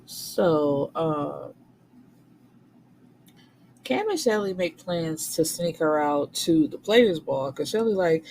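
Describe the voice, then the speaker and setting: A woman's voice: low voice, slow, long pauses, a little hiss or hum, poor audio. Slangy woman recapping a book. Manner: slangy, animated, swears freely. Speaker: book reviewer.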